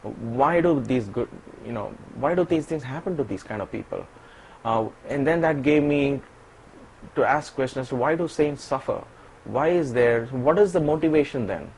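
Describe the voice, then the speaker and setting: A man being interviewed as a guest, telling a personal story in an animated way and often laughing. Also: medium pitch, moderate pace, a little hiss or hum, low-quality recording.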